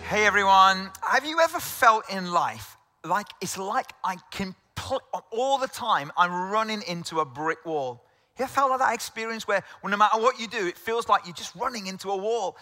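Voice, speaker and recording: English male pastor, middle-aged, conversational sermon; high bright voice, reverberant hall. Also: expressive, normal speed. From England. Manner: conversational storytelling preacher, with restarts and rhetorical questions.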